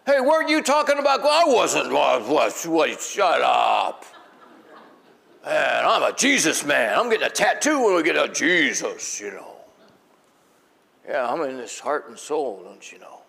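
A man voicing a boisterous male disciple who brags in slangy, excited talk. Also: on the high side, normal speed, creaky, heavily acted. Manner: brash, bragging, slangy. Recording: long echo of a large hall.

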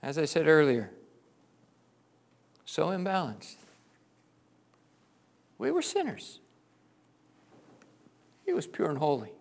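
A middle-aged male pastor preaching with passion, swinging between loud exclamations and hushed, tender passages. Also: fairly high pitch, huge pitch swings, slow pace, gravelly, long pauses. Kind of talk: sermon.

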